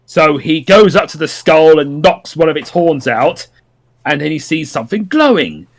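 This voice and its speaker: Guy kinda high voiced rambling thru a plot recap, lots of ums and uhs, super casual podcast chat. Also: a bit bright. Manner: rambling, many ums and restarts. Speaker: podcast co-host.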